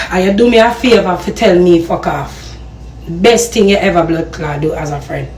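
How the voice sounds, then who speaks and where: A woman's voice: on the low side, normal speed, darkish tone, a little hiss or hum. A woman with a Jamaican accent ranting heatedly on a live stream, firing off rhetorical questions and swearing in patois. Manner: patois slang and profanity. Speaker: social media personality.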